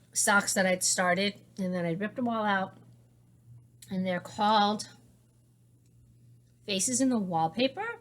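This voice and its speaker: A woman's voice: medium pitch, a bit bright, a little hiss or hum. A woman hosting a knitting podcast, chatting casually in a rambling way, full of restarts and fillers as she shows off her craft supplies at home. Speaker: teacher. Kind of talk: casual show-and-tell chat.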